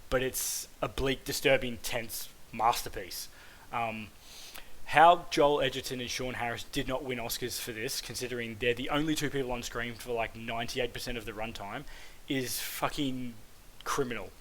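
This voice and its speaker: An Australian man from Queensland reviews a film in a loose, conversational way. His voice sits at an ordinary middle pitch. He fills pauses with "um" and "like" and swears freely. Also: fairly bright tone, low-quality recording. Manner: casual, frequent "um" and "like", swears freely. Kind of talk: casual spoken film review.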